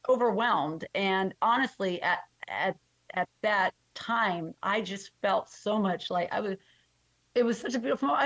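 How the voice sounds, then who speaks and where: A new grandmother telling a heartfelt story in casual podcast chat, with many halting restarts. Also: mid-range voice, a bit bright, no room sound, lo-fi sound. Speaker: guest.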